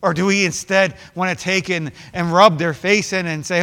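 A man with a high voice preaches earnestly, quoting scripture and stumbling into repeated words as he goes. His voice rings out with a long reverb around a church hall. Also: normal speed, few pauses, bright, forceful tone. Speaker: pastor. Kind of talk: sermon.

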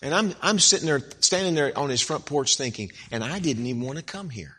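A man's voice: mid-range voice, brisk, husky. A man preaching a sermon, telling a personal story and acting out both sides of the dialogue, with emphatic rises. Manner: animated storyteller who acts out dialogue, rising to emphatic peaks.

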